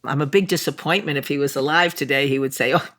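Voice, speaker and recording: Older woman, Chicago accent, bright voice, candid, animated guest. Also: sits low, fast talker. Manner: animated, frank, self-deprecating. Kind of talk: candid interview conversation.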